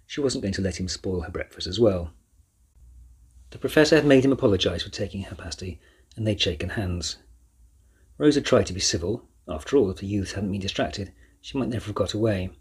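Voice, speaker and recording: A male narrator reads a storybook in a deep, low voice. His tone is strongly husky and breathy. The delivery stays even and measured. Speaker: audiobook narrator.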